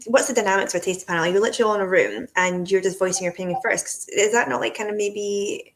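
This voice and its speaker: A woman hosts a relaxed chat, with questions that wander through plenty of filler words. Her voice sits at a medium pitch for a woman. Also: quick pace. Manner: casual, filler-heavy questioning. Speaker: host. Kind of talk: casual chat.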